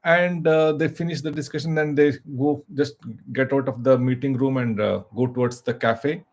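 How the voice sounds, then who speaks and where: Man telling a halting, casual story. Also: medium pitch, steady tone. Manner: halting, full of restarts and fillers.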